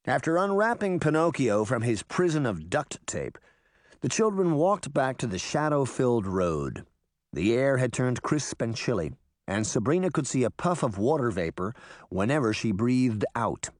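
A man narrating a children's storybook in an expressive reading voice. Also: medium pitch, normal speed, dry recording, clean studio sound. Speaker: audiobook narrator.

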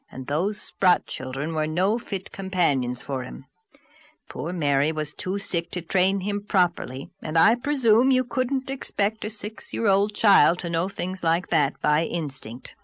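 A woman's voice: on the low side, no room sound. A woman voicing a stern, practical older woman in a storybook reading. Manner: dry, sober, measured.

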